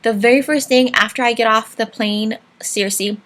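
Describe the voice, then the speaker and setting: A woman from Hawaii hosts a cooking channel, chatting casually and warmly with viewers and wandering off on tangents. Her voice is fairly bright and on the high side, with fairly even intonation at a moderate pace.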